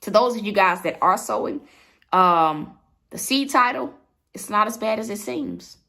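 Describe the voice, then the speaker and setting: Preaching from home to her livestream viewers, an online preacher repeats her points with emphasis. Her mid-range voice is animated, pushed, and bright, moving at a measured pace through a livestream mic.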